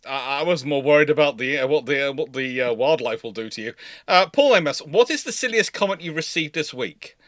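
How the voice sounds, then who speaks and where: Male stream host, slightly high voice, rambling anecdotal delivery, dry close sound. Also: expressive, a little fast, fairly bright tone, no room sound. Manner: rambling anecdotal storytelling, acts out quotes. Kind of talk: live naval history Q&A stream.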